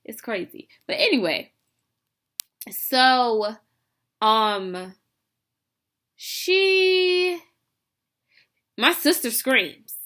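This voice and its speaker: A young woman tells a story on her vlog in a loose, chatty way, piling on fillers and side comments. Her voice sits a bit high and rings very bright. The delivery stays casual and animated throughout. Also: very slow, long pauses. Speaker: vlogger telling a story.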